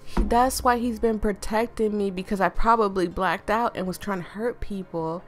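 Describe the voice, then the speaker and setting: A woman's voice: medium pitch, normal speed, faint music behind. A young woman playing through a story game, rambling and giggling as she comments. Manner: chatty, giggly, rambling with lots of "like". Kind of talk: let's-play commentary.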